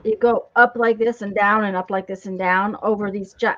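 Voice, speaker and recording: This craft channel host speaks at a moderate pace in a mid-range, fairly bright voice with fairly even intonation. On her casual live stream, captured with dull lo-fi sound, she tells meandering stories peppered with fillers and false starts.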